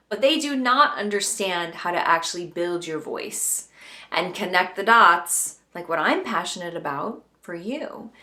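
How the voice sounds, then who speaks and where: A woman's voice: mid-range voice, pushed and bright, echoey room. A young adult woman hosting a podcast as a voice teacher, talking in a bubbly, playful, chatty way. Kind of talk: enthusiastic podcast monologue.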